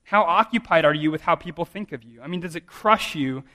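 A man's voice: on the high side, fairly quick, bright, forceful tone. A man in his thirties, a pastor preaching a sermon in a conversational, self-deprecating way, often restarting his sentences.

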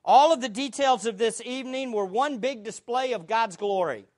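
A woman's voice: a little high, moderate pace, a little mellow. A woman preaching a sermon, teaching from the Bible in an earnest, emphatic way and asking rhetorical questions.

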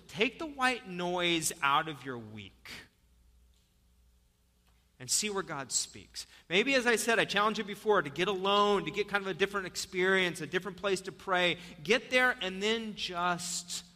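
A man preaching with a high, very bright and sharp voice that rings out through a long church-hall reverb. He jumps into animated storytelling, then drops into soft, earnest appeals to his congregation. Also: measured pace. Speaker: pastor. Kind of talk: sermon.

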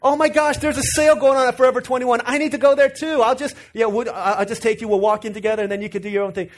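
A man voicing an excited, bargain-hunting mother who gushes loudly. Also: extremely high pitch, racing, voice pushed up. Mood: gushing. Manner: gushing, enthusiastic, loud.

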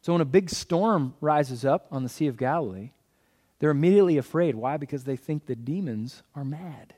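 A man preaching a sermon as a guest pastor. He is animated, asks the audience questions and answers them himself, and jokes in passing. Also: on the high side, moderate pace.

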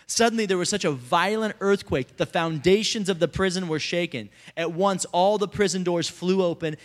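A pastor giving a lively, conversational sermon to a congregation, calling out to the people in front of him. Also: male voice, sits high. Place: church service before a congregation.

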